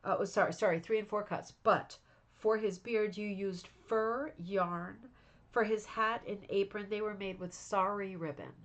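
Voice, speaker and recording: A woman of middling pitch hosts a relaxed craft club stream from home, worn out and yawning. She heaps praise on each piece in loose, chatty talk full of fillers. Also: normal speed. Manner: warm, effusive praise with frequent fillers. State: tired, yawning. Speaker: host of a rug hooking club show. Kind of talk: casual livestream chat reviewing viewers' crafts.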